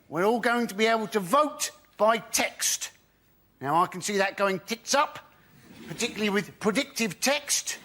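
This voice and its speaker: A man's voice: extremely high pitch, fairly bright tone. A man, a panelist comedian, doing a wry stand-up routine on a panel show.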